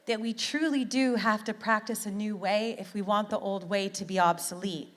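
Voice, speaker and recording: A woman's voice: medium pitch, fairly even intonation, moderate pace, long reverb tail. Earnest woman giving a heartfelt talk. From Canada. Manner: earnest and heartfelt, repeats words for emphasis. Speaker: conference speaker. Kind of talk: motivational talk.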